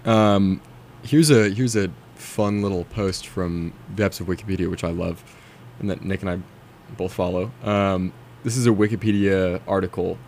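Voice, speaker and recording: A man's voice: deep voice, steady tone, moderate pace, darkish tone, a little hiss or hum. A man in his twenties co-hosting a podcast, joking and laughing often in casual chat. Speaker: podcast co-host.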